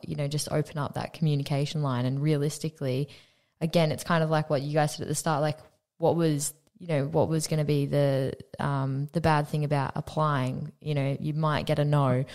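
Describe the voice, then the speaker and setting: A woman's voice: sits low, a little mellow. A young Australian woman hosting a podcast, chatting reflectively with many "you know" fillers. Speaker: podcast host. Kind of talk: casual interview chat.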